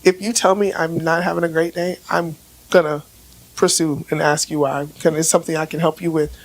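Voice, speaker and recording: Hoarse raspy woman, laryngitis voice, relationship expert on a podcast, keeps saying right? and restarting her words. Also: low-pitched, little pitch movement, brisk, low-quality recording. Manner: explains with everyday examples, frequent "right?" checks; repeats words when starting sentences. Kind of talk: casual podcast conversation.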